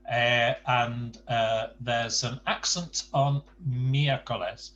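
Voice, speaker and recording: A man's voice: medium pitch, fairly even intonation, takes it slowly, fairly bright tone, highs cut off. A man teaching an online Spanish class by video call, patient and jokey, with many fillers. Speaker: Spanish tutor.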